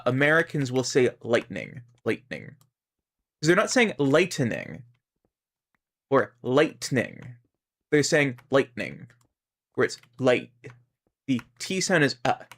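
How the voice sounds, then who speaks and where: Slow-talking Canadian man streamer. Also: mid-range voice, sing-song, a bit bright. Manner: rambling, musing aloud about pronunciation. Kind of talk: casual gaming stream chat.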